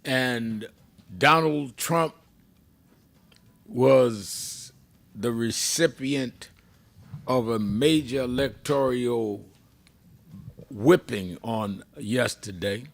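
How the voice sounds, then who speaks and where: Gravelly, very slow radio host man. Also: medium pitch. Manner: slow, emphatic, measured delivery. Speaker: radio talk show host. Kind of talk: radio talk show.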